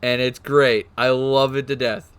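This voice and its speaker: A man streaming, excitedly explaining game lore in casual chat, swearing and laughing. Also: medium pitch, measured pace, clean tone.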